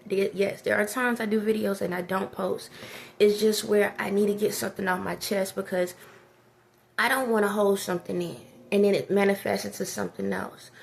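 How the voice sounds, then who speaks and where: Gravelly-voiced woman vlogging. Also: medium pitch, fairly even intonation, normal speed, a little hiss or hum. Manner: emotional, rambling, preachy. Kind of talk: casual personal vlog talk.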